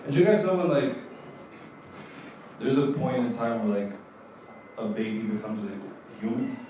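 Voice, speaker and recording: A young man doing a stand-up comedy set on a club stage, telling loose stories full of "like" fillers and getting loud on the punchlines. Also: mid-range voice, animated, normal speed. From Kenya. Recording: echoey club audio from far off, with room noise.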